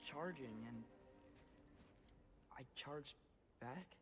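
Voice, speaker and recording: An actor playing a young male character in a video game, speaking slowly and hesitantly as he recalls something confusing. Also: on the high side, music in the background. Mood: dazed. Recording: quiet game audio with loud score.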